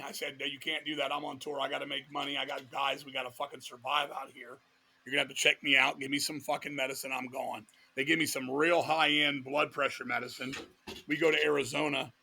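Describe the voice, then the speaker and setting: A man's voice: fairly high pitch, creaky, pushed and bright, breathy edge. A middle-aged man from Virginia, a metal vocalist guest telling wild stories full of profanity and quoted voices. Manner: profane, fast-paced anecdotes with voiced quotes. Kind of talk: animated storytelling in casual talk.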